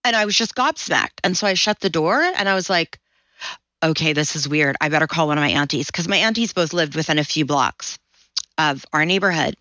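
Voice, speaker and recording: Woman in her 40s, low voice, dry close mic, storyteller who acts out quotes. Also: animated, a little fast, sharp tone, dry recording, poor audio. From Washington State, USA. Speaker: podcast guest. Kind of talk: personal storytelling.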